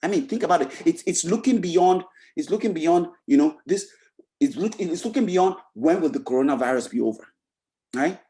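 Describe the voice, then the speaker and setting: A motivational speaker addresses a webinar audience over a video call in a mellow, warm tone. The delivery is emphatic and repetitive, full of rhetorical questions and restarts padded with "you know.". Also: medium pitch, expressive, moderate pace.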